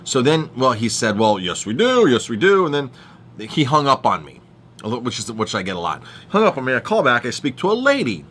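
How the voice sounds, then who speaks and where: A middle-aged chef, a man, delivers a consumer warning straight to camera. His voice is bright and forceful at an ordinary pitch. He rants emphatically and repeats himself for effect. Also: very animated, a little fast, a little hiss or hum. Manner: emphatic, repetitive, ranting. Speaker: chef and food activist.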